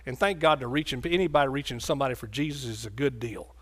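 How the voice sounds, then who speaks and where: A man's voice: medium pitch, fast, heavy background noise. A man preaching a sermon in a folksy, joking way.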